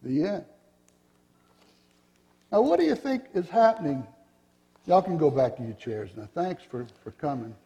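A man's voice: a little high, big pitch swings, measured pace, gravelly, pauses often, dark tone, in a large hall, highs cut off. A man reading a storybook aloud to a group of children, telling it expressively.

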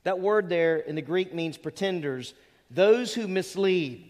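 A middle-aged male pastor with a high voice preaches in a church sanctuary. He talks to the congregation in a chatty way, throwing in rhetorical questions and asides. A long hall reverb trails after his words. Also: lively intonation, unhurried, darkish tone. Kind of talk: sermon.

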